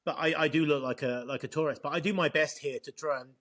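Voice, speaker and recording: English-accented male co-host, slightly high voice, halting chat delivery. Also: steady tone, a bit bright. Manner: halting, repeats words often. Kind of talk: casual chat.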